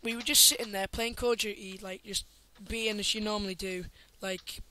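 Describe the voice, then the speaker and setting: A man's voice: high-pitched, fairly even intonation, brisk, pushed and bright, slight background noise, low-quality recording. A teenage boy, chatting and telling a story in a jokey manner with lots of laughter. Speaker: podcast co-host. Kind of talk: casual storytelling.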